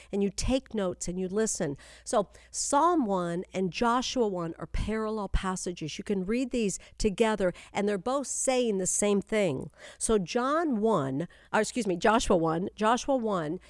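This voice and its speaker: A woman's voice: mid-range voice, no echo, studio quality. A woman speaking as a spiritual coach, teaching the Bible with emphatic repeated phrases and addressing listeners directly. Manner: addresses listeners directly, urging them to stay with her. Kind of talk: Bible teaching for a YouTube channel and podcast.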